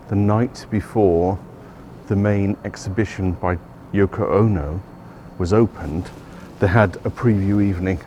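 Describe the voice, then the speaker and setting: Outdoors amid street traffic, a man with a low-pitched, mellow voice guides listeners on a chatty walking tour of the city. His narration rambles casually and he keeps correcting himself.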